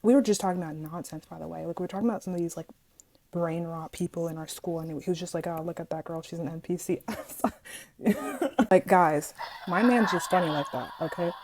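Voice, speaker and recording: A woman's voice: fairly low pitch, normal speed, a little hiss or hum, poor audio. A young woman casually telling a storytime to her viewers, chatty and dramatic, often speaking to them directly. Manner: chatty, animated, dramatic asides, addresses viewers as guys. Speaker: vlogger.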